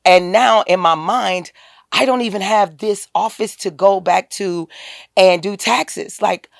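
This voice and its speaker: Woman, animated storyteller on a podcast, mid-pitch voice, dry close sound. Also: unhurried, vocal fry, dry recording. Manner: animated, acts out quoted dialogue in a raised voice. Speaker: podcast guest, tax business owner. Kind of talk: storytelling in a casual interview.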